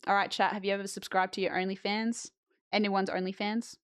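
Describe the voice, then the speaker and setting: A woman's voice: mid-range voice, fairly quick, clean tone, dry recording, studio quality. A young woman streaming, chatting bluntly and jokingly with her live chat and reading messages aloud. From Australia.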